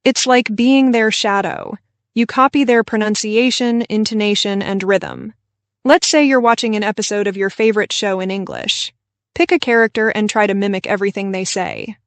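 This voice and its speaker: A woman co-hosting a scripted English-learning podcast, explaining tips in a clear, encouraging way. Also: medium pitch, moderate pace, no room sound. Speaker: podcast co-host.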